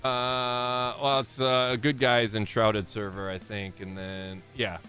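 A man's voice: medium pitch, flat delivery, slow, pushed and bright, faint music behind. A man in his thirties hosting a live game stream, chatting casually and rambling, often correcting himself and laughing.

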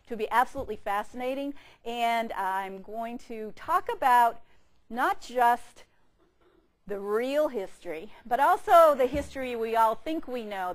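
A woman curator giving a chatty, good-humoured public lecture in a museum lecture room, speaking into a handheld microphone, with frequent fillers and restarts. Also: mid-range voice. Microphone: handheld microphone with a power pack.

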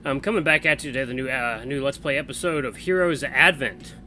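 A man's voice: mid-range voice, fast, sharp tone, slight background noise. A man hosting a casual let's-play, chatting upbeat and reading the narration aloud. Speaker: game streamer reading a visual novel.

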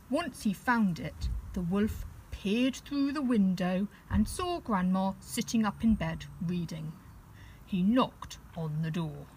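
A woman reading a children's story aloud with gentle, expressive narration. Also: medium pitch, a little hiss or hum, rough recording.

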